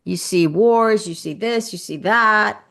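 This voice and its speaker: A woman's voice: medium pitch, takes it slowly, creaky, fairly bright tone. A woman hosting a live stream, talking casually and earnestly to her viewers, often repeating phrases for emphasis.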